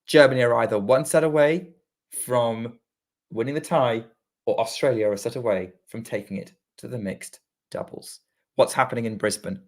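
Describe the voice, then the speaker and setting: A British man co-hosts a tennis watchalong podcast, switching between relaxed chat and quick play-by-play as rallies unfold. His voice sits at an ordinary pitch for a man, casual and conversational. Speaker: podcast co-host doing live commentary. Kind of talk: casual live watchalong commentary.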